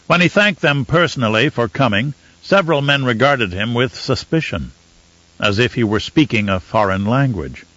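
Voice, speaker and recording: A man reading an audiobook as narrator, in a measured, even manner. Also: medium pitch, dry recording, muffled recording. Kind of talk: scripted narration.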